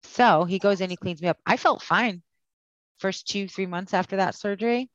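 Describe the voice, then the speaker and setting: A woman's voice: medium pitch, moderate pace, no room sound, highs cut off. A woman guest telling her story in a candid, conversational way. She speaks bluntly, swears freely and acts out the lines of the people in her story.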